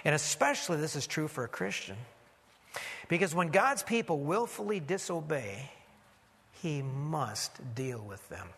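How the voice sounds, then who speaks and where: A man preaching a sermon as pastor, emphatic, dropping low and quiet for warnings and calling on the congregation to answer back. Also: animated, a little slow, gravelly, breathy edge, in a large hall.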